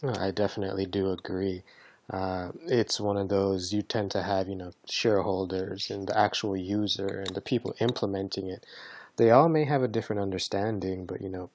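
A man with a lowish voice hosts a podcast. He asks long, rambling questions full of fillers, recorded close and dry with no room sound. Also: dry recording. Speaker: podcast host. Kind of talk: casual interview chat.

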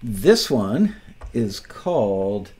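Male co-host: low-ish voice, casual, enthusiastic, playful about his announcer voice. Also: sing-song, very slow, darkish tone, breathy edge. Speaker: co-host introducing songs. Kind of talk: casual chat.

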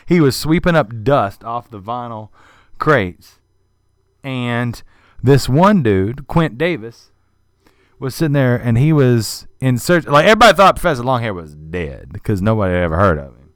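A podcast host tells a story with lots of swearing and constant asides, and his voice rises and falls in a lively way. His voice is mid-pitched. The recording is dry, with no room echo. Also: normal speed, clean tone. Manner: animated, profane storytelling. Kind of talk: casual chat.

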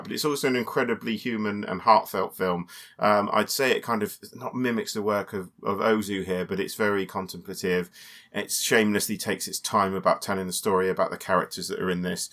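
Low-voiced, rambling man praising films. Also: fairly bright tone. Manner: enthusiastic, rambling, with repeated words and restarts. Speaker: podcast co-host reviewing films. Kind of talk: casual conversational review.

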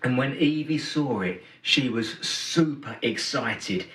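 A man's voice: mid-range voice, expressive, slow. Man preaching in an echoey hall. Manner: storytelling, emphatic swings between loud and hushed. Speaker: pastor. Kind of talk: Christmas sermon. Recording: roomy hall, from a distance.

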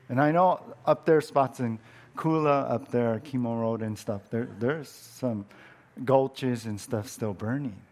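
A man preaching a conversational sermon as a pastor, often repeating words and rising sharply when he quotes scripture. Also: medium pitch. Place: church.

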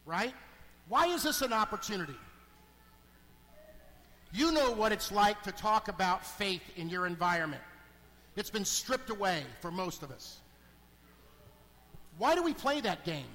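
A middle-aged man, a deacon, preaching a sermon in a church, animated and swinging between hushed asides and emphatic calls. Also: sits high, moderate pace. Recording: long hall reverb.

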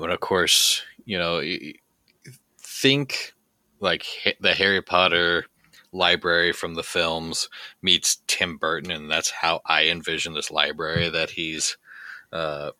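Deep-voiced man describing a scene. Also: bright, forceful tone, dry recording. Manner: rambling, halting, casual. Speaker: player. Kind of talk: describing a scene in a tabletop game.

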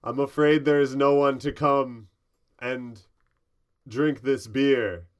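A man voicing a grumpy giant gnome face in a door, speaking in slow, haughty pronouncements. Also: medium pitch, fairly even intonation, close to an everyday voice.

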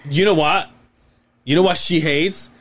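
A man's voice: fairly high pitch, a little slow, a bit bright. A man in his late thirties hosting a podcast, telling a long, rambling story in casual chat and swearing freely. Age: late 30s. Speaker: podcast host.

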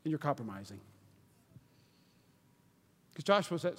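A man preaching a sermon, energetic, swinging between shouts and hushed lines. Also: high-pitched, moderate pace. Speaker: pastor. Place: church hall. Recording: reverberant hall.

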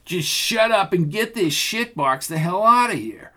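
Man reading as a snarling thug, raised pitch, loud and clipped, every word hammered out. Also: lively intonation, measured pace, heavily acted. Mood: threatening. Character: menacing male thug barking threats.

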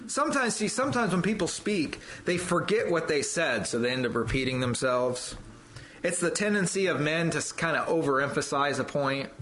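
Fervent male preacher, very animated delivery, lines repeated for stress. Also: a little high, a little hiss or hum, low-quality recording. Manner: fervent, rising to loud emphatic peaks on quoted scripture; repeats phrases for emphasis. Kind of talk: sermon.

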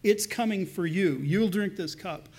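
A pastor preaching a sermon in an earnest, conversational way, slowing down to read scripture with emphasis. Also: male voice, high-pitched, darkish tone, slightly rough.

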